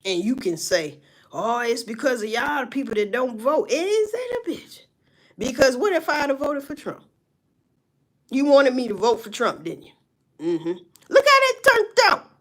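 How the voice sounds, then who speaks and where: A woman in her forties talks in a casual rant, her strong and her voice sitting a little high. Her pitch swings widely as she swears and tells stories between laughs. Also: unhurried, long pauses. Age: 40s. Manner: loud, swearing, animated storytelling with laughs.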